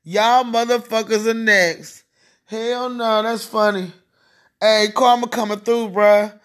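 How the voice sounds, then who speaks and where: A podcast host rants alone in slow, drawn-out phrases. The talk is crude and mocking, and the host keeps laughing, often mid-sentence. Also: mid-range voice, steady tone. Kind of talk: solo podcast rant.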